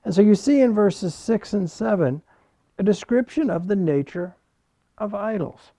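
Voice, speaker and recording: A man's voice: high-pitched, expressive, a little slow, mellow, dry recording. A man preaching a sermon, explaining a scripture passage and reading verses aloud in an earnest teaching manner. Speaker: pastor.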